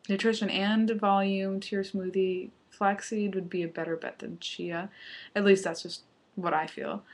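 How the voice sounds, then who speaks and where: A young woman chatting casually through a home recipe vlog, laughing often and sometimes talking with her mouth full. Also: mid-range voice. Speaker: vlogger.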